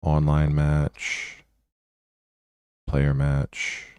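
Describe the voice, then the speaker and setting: A man's voice: rumbling low, monotone, very slow, darkish tone, smooth, no echo. A male channel host mumbling aloud as he searches through old videos. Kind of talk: casual vlog commentary.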